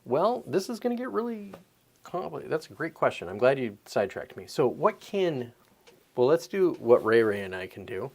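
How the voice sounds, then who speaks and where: A man in his thirties hosting a podcast, ranting in a profane, animated, rambling way. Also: medium pitch, moderate pace, creaky. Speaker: podcast host. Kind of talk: casual opinion rant.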